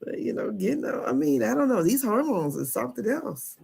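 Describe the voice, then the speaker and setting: A woman's voice: fairly high pitch, very animated, fairly quick, gravelly, a little mellow, breathy edge. A woman in her fifties hosting a casual live stream, chatty and candid, laughing often as she talks. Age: 50s. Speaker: podcast host.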